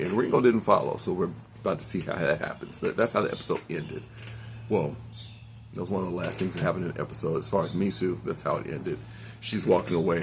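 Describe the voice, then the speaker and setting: Older male reviewer, deep gravelly voice, meandering casual recap full of fillers. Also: a little hiss or hum. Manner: rambling, with many ums and self-corrections. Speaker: anime reviewer.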